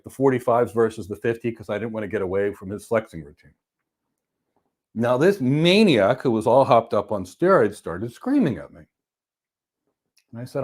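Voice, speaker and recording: A man in casual podcast conversation, telling a story with steady, deliberate phrasing. His voice sits at an ordinary middle pitch, and he slows down to press his points home.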